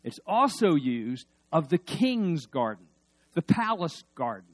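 A male preacher giving a sermon, swinging between loud emphasis and hushed asides and leading the congregation in call-and-response. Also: on the high side, sing-song, measured pace, no echo.

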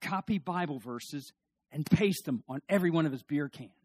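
Male pastor, sermon, folksy storyteller, fairly high voice, dry close sound. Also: normal speed, breathy edge, dry recording. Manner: folksy, animated storytelling with asides.

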